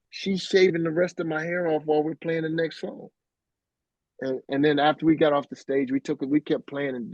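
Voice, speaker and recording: A middle-aged man, a musician being interviewed, telling a story in a casual, animated way and acting out what others said. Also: medium pitch, no echo, dull audio. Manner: animated, acts out quoted voices.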